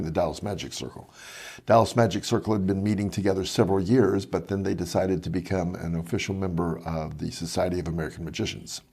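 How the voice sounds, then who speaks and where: An older man co-hosting a casual podcast, telling stories with many pauses and chuckles. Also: low-pitched, gravelly, dark tone, husky. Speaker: podcast co-host, magic club president. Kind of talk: casual chat.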